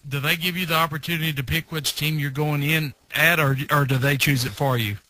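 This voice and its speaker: Bright, dry-sounding male radio host. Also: a little high, fairly even intonation, brisk, no room sound, poor audio. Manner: brief encouraging interjections and questions. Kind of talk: radio interview.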